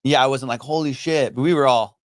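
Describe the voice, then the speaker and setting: A man's voice: mid-range voice, steady tone, quick pace, no room sound, clean studio sound. A man from Iran, a comedian guest in a casual podcast chat, talking loosely with lots of swearing and filler phrases. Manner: loose and profane, many fillers like you know.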